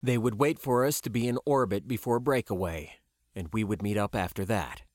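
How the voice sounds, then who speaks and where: A man narrating a science-fiction audiobook in a measured, even storytelling voice. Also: on the low side, dry recording, clean studio sound.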